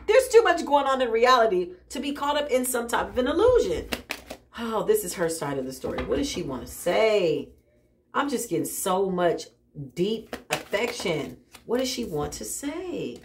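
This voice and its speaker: A woman doing a casual spiritual tarot reading, animated and exclaiming often, with frequent laughs. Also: fairly high pitch, a little slow, a little hiss or hum. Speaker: tarot reader.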